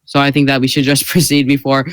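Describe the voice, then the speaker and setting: A man's voice: medium pitch, completely flat delivery, quick pace, dry recording, low-quality recording. A man playing a senator in a mock senate debate, argumentative, often laughing and tripping over his words. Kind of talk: role-played parliamentary debate.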